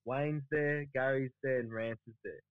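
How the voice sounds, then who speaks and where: A man's voice: mid-range voice, steady tone, moderate pace, clear, resonant tone, no room sound, phone-quality sound. A young Australian man hosting a podcast, chatting casually in a crude, mocking, ranting way. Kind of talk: casual sweary podcast chat.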